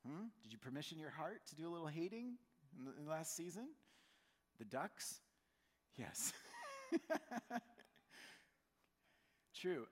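A man's voice: a little high, unhurried, long pauses, slightly rough. Brief: male pastor, conversational sermon, acts out voices, big echoing church hall. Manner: conversational, animated, acts out quotes. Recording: long church hall reverb.

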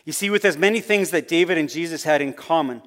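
A man preaching a sermon as a pastor, earnest, his phrases rising and then falling to soft, low endings. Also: quick pace, in a large hall.

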